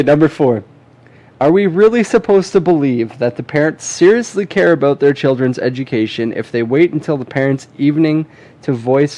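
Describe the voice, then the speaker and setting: A man's voice: medium pitch, dark tone. Laid-back male podcast host. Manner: reads listener points aloud, laughs easily. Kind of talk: casual chat.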